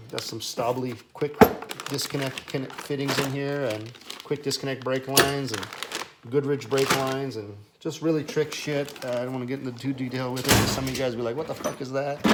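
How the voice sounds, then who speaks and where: A man's voice: medium pitch, very noisy. A man who runs a car repair shop, showing his workshop in a profane, rambling, casual way. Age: adult with children. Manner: profane, ranting, casual bro talk. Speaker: auto mechanic and shop owner. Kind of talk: unscripted workshop tour.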